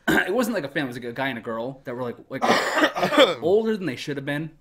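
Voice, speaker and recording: Rambling guest telling a tour story. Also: male voice, medium pitch, big pitch swings, racing, a crowd in the background. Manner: rambling, profane, lots of "like" fillers. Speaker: podcast guest, former band member. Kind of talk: casual storytelling.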